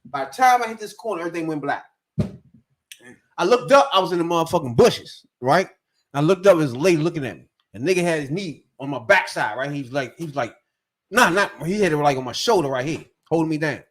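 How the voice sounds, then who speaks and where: Podcast host, DC man, high lively voice, laughs through his stories, acts out the voices. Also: fast talker. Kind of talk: casual storytelling chat.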